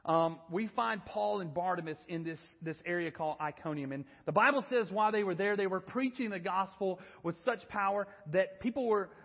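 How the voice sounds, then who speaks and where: A man in his thirties preaching a sermon, telling a story in an animated, self-deprecating way. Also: high voice, brisk, few pauses, in a large hall, lo-fi sound. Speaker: pastor. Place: church.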